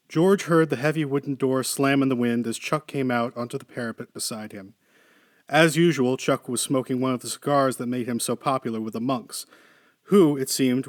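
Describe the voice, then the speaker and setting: A man reading a short story aloud in a measured, steady narration. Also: medium pitch, no echo, studio quality. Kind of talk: scripted narration.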